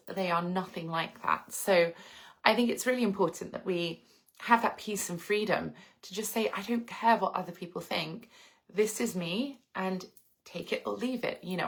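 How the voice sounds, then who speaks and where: A woman's voice: lowish voice, vocal fry, a bit bright. A woman in her late thirties from England, hosting a casual livestream, reflecting at length and answering viewer comments. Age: 30s. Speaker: livestream host.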